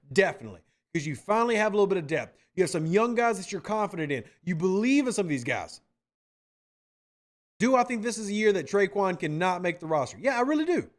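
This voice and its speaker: A man hosting a casual livestream podcast, animated and playful, teasing viewers as he reads the chat aloud. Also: high voice. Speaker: podcast host reading chat.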